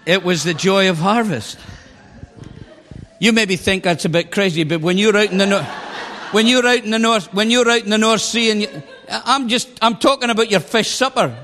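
A man in his sixties with a high voice preaches to a congregation. His delivery is animated and exclamatory, full of laughter. The sound rings with the long reverb of a large hall. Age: 60s. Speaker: pastor. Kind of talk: sermon.

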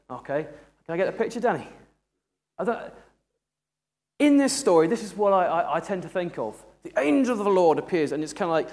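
A man preaching a sermon in a humorous, conversational way. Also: a little high. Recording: echoey hall.

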